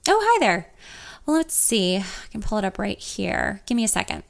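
A woman's voice: mid-range voice, big pitch swings, normal speed, vocal fry. A woman reading an audiobook, voicing a friendly male record publisher on the phone. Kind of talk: audiobook character voice.

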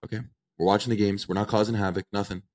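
Low-voiced young man telling a story. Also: fast. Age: 20s. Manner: animated storyteller acting out dialogue. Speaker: podcast co-host. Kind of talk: casual chat, storytelling.

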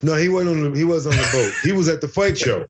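A man's voice: a little high, lively intonation, fast talker, breathy edge. A man telling a fight story as an interview guest over a video call, profane and joking, acting out other people's lines. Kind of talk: animated storytelling.

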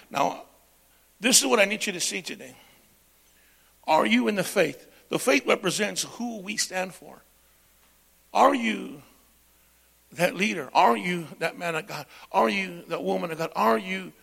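Man, pastor, church sermon, very high-pitched, bright forceful tone, loud-to-hushed call-and-response preaching. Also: vocal fry, slightly rough.

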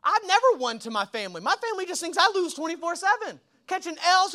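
Young male pastor, high and bright tone, casual slangy sermon delivery, lots of rhetorical questions. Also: fast, few pauses. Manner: energetic, colloquial preaching with slang and rhetorical questions.

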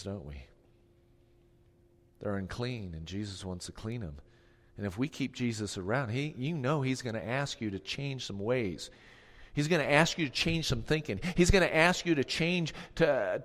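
A man preaching a sermon as pastor, moving between quiet, hushed passages and loud, emphatic ones, repeating key phrases and calling on the congregation to answer. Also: medium pitch. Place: church sanctuary. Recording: long hall reverb.

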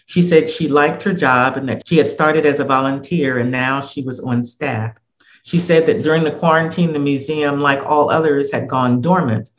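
A man narrating a personal essay in a measured, reflective reading voice. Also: mid-range voice, poor audio.

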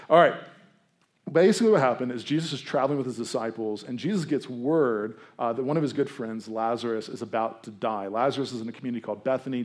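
A man's voice: medium pitch, darkish tone. A man in his thirties giving a conversational sermon as a pastor, with self-deprecating asides and quoted voices he acts out. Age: 30s.

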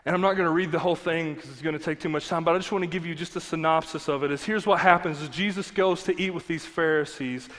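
A man's voice: fairly high pitch, fast, few pauses, fairly bright tone. A man preaching a sermon as pastor, in an earnest, conversational way with emphatic repetition. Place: church sanctuary. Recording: long hall reverb with faint music.

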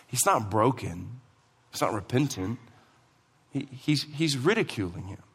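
A man's voice: medium pitch, expressive, a little slow, vocal fry, a bit bright, husky. A man preaching a sermon as pastor, emphatic and asking the congregation questions, in a church hall. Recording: long hall reverb.

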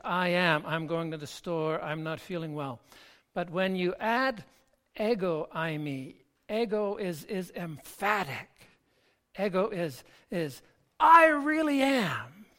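Slow, halting pastor preaching a sermon. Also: mid-range voice. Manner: slow, halting delivery with frequent word repeats.

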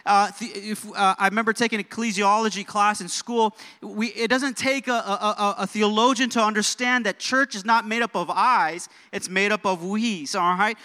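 A man's voice: high-pitched, fairly even intonation, normal speed, hardly any pauses, sharp tone. A young man preaching a sermon in a church, leading the congregation in call-and-response with easygoing jokes. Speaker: pastor. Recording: long church hall reverb.

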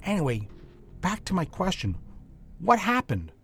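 A man voicing a wounded, joking male detective in a raised, lively voice. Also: measured pace, vocal fry, faint music behind, heavily acted. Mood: puzzled. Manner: wisecracking, raised pitch.

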